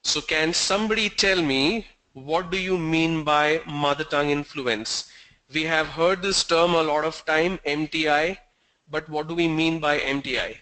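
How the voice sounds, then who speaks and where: A man's voice: fairly high pitch, fairly even intonation, a little slow, pushed and bright, rough recording. A man teaching an online English class over a video call, quizzing students and joking with them. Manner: asks the class questions, teasing and joking. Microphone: video call mic.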